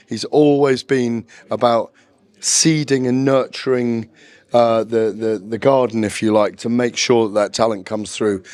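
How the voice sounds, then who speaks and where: A man's voice: mid-range voice, a little mellow, dry recording. A man as a boxing journalist guest, talking in a knowledgeable, discursive and self-deprecating way in a casual interview at a press conference.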